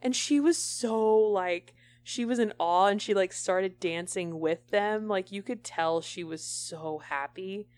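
A woman's voice: medium pitch, takes it slowly, hardly any pauses, darkish tone. A young woman co-hosting a podcast, telling stories in an enthusiastic, chatty way. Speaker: podcast co-host. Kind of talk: casual chat.

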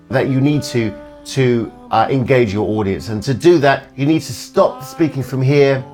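A man who is a singer and voice coach, giving a casual lesson on speaking and resonance, sometimes demonstrating voices. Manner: demonstrates voices, breaks into falsetto singing.

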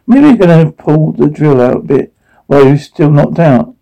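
A man reading out a drama's dialogue along with its sound cues, in one even voice. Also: fairly high pitch, moderate pace, vocal fry, rough recording.

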